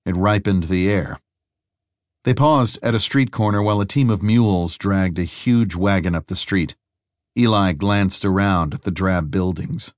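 Man narrating an audiobook, low steady voice, dry close mic. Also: a little slow, no room sound. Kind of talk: scripted narration.

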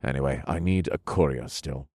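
A man's voice: a bass voice, moderate pace, darkish tone, dry recording, studio quality, pitched below the performer's own voice. A man doing a haughty, irritable duke. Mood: dismissive. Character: haughty male duke, curt, secretive and irritable. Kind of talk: audiobook character voice.

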